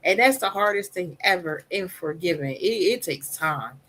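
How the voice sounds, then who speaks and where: A woman speaking candidly on a podcast about her own life, emphatic and animated, with a soft voice. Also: fairly low pitch, moderate pace, rough recording. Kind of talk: candid personal storytelling.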